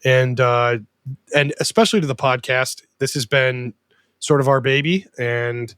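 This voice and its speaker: A man's voice: medium pitch, measured pace, a bit bright, clean tone, no echo. A man hosting a podcast in a casual, joking and openly sentimental way. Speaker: podcast host.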